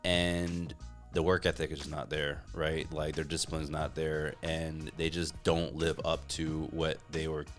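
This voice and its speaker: A man speaking as a podcast guest in casual interview chat, relaxed and full of "like" fillers. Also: a bass voice, measured pace, soft background music. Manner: relaxed, filler-heavy talk with frequent "like". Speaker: podcast guest, gym co-founder.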